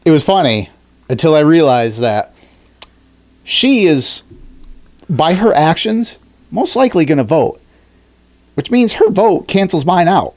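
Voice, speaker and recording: A man co-hosting a casual podcast chat, swearing freely and acting out people he talks about in shrill mock voices. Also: measured pace, long pauses. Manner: animated, swearing, acts out high-pitched shrieking quotes. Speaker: podcast co-host.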